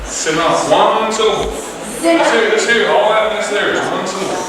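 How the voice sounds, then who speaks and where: A man's voice: high voice, normal speed. A man teaching a language class, coaxing students and checking in with them often, recorded from a distance in a classroom. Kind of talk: classroom instruction. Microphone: distant room mic. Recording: echoey classroom from far off, background noise.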